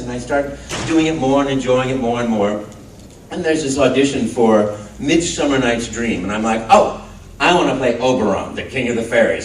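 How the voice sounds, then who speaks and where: Captured from the crowd on a phone, the recording is distant and echoey with faint noise, as a male convention panel guest tells stories to a live audience in the panel room. His medium-pitched voice moves fairly quickly, and he's animated, acting out the voices of people in his tales.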